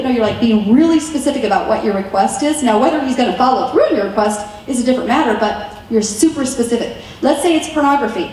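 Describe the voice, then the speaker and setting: A woman's voice: fairly high pitch, a little fast, darkish tone, a little hiss or hum. A woman giving an earnest, chatty teaching talk to wives, often acting out what to say. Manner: earnest and chatty, slips into quoted dialogue. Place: meeting room. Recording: very echoey room from far off.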